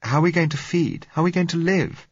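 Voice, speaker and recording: Man reading a scared young woman, pleading, raised high, dull recording. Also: steady tone, quick pace, breathy edge, no room sound. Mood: frightened. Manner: pleading, anxious. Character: frightened, clinging young woman.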